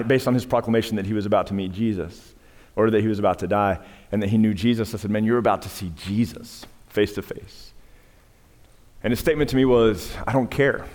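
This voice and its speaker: A male pastor preaching a sermon, his voice climbing in emphatic peaks and dropping to a hush when he tells stories. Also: fairly low pitch. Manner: preaching with rising emphatic peaks and hushed storytelling. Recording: long reverb of a large hall.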